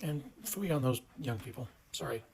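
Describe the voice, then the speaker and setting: A man's voice: mid-range voice, expressive, normal speed, a little mellow, a little hiss or hum, poor audio. A man giving dry, disapproving commentary. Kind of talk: casual commentary.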